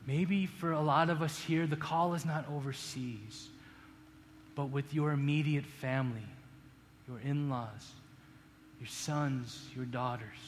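A male pastor preaching in a church sanctuary, his slightly raised pitch carrying a long hall reverb. He talks earnestly, climbing to emphatic peaks and sinking to near-hushed appeals, over a faint room ambience. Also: a little hiss or hum. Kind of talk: sermon.

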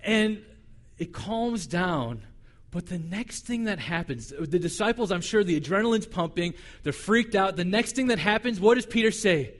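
A man pastor delivering a sermon, telling the story in an animated, conversational way. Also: high-pitched, normal speed.

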